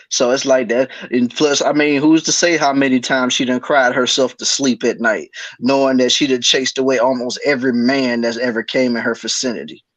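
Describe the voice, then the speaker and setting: A man's voice: medium pitch, fairly bright tone, no room sound. A man co-hosts a casual commentary podcast. He is blunt and profane, mocking his target without holding back. His voice sounds dry and close, with no room around it. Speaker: podcast co-host.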